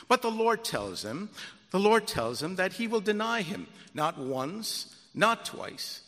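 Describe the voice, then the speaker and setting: Male preacher, slow deliberate delivery, bright, lively pitch, booming rhetorical questions, long reverb of a hall. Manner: dramatic, swings from loud emphatic peaks to low drawn-out endings. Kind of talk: sermon.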